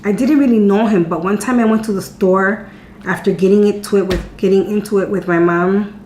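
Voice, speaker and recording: A woman's voice: medium pitch, fairly even intonation, brisk, darkish tone. A woman in her thirties chatting candidly to her viewers, telling a personal story. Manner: chatty and candid, repeating words as she talks. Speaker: vlogger answering viewer questions. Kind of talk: casual storytelling chat. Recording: echoey room with faint hum.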